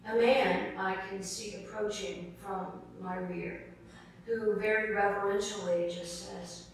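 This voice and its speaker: A woman's voice: medium pitch, fairly even intonation, unhurried, slight background noise. A middle-aged woman from South Carolina, giving an award acceptance speech as an earnest storyteller who keeps calling the audience folks. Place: large formal hall. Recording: echoey hall picked up from a distance.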